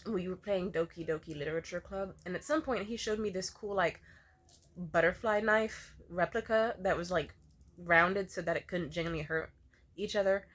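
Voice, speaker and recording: A young woman vlogging at home in a candid confessional way, swearing a lot and laughing often, swinging from loud outbursts to quiet mumbles, a little tearful. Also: fairly low pitch, normal speed.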